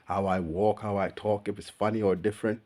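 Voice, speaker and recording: A man's voice: lowish voice, a little fast. A young man chatting casually to camera in a laid-back, slangy way, often calling the listener bro and laughing at himself. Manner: relaxed slangy talk, calls the listener bro; laughs at himself while telling stories. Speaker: vlogger. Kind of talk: casual personal chat to camera.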